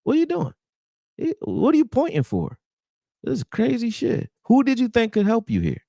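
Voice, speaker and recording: An extremely high-pitched, gravelly voice at normal speed belongs to a young man casually breaking down football game film for viewers, full of animated, profane exasperation and talk of y'all. He uses a close desktop mic while screen sharing, giving studio-quality sound with no room sound.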